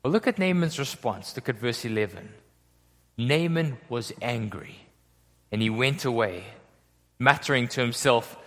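A man's voice: medium pitch, lively intonation, a little slow, fairly bright tone. A man preaching a sermon in a conversational way, often checking in with his listeners. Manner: conversational, checks in with "okay?" and "right?". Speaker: pastor. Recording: long hall reverb.

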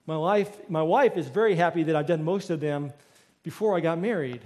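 A middle-aged man, a pastor, preaching a sermon with lively storytelling and acted-out quotes. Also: on the high side, brisk. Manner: storytelling, acts out quoted voices.

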